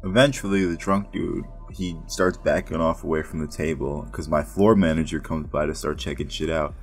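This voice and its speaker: Man, very low voice, casual story time, rambling, profane, faint music behind. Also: steady tone, normal speed, slightly rough. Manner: rambling, profane, many restarts. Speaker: storyteller, casino dealer.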